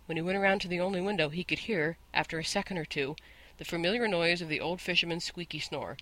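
A man narrating a storybook in a measured, gently expressive way, close to the mic. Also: fairly high pitch. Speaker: audiobook narrator.

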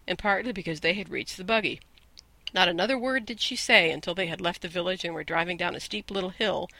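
A man narrating a classic novel as an audiobook, in a measured, lilting storytelling manner on a close mic. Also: high-pitched, sharp tone, dry recording.

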